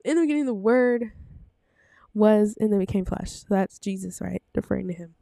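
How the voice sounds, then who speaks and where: A woman's voice: mid-range voice, expressive, brisk, gravelly, dark tone, dry recording. A woman giving a casual Bible talk, rambling with many fillers and self-corrections, a little out of breath. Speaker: bible teacher. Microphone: desk microphone.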